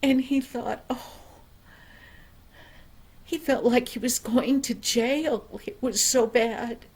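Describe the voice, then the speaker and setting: An older woman telling a children's story in a gentle, unhurried way, dropping to a soft hush on quiet passages. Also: a little high, husky. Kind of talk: reading a children's story aloud.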